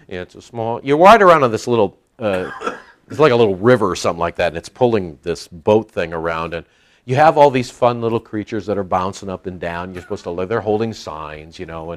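Animated man preaching a Bible study. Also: lowish voice, normal speed. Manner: animated, jokey, acts out quoted voices. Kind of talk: sermon Bible teaching.

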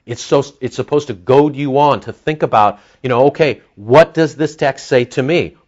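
A man preaching a sermon in an animated, conversational way, acting out the lines he quotes. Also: medium pitch, moderate pace. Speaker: pastor. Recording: dull lo-fi sound.

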